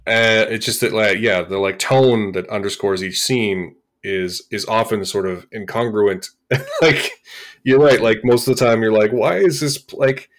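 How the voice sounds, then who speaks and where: A man with a lowish voice co-hosts a casual film podcast. He talks in an animated way and often acts out his own reactions as he goes. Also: measured pace. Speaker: podcast co-host. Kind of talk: casual film review chat.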